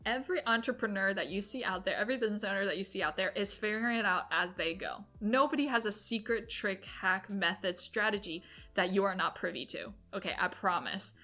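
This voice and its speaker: A woman in her twenties, an entrepreneur vlogger, talks straight to camera with chatty, upbeat business advice and quick asides. Her voice is medium-pitched with a sharp tone.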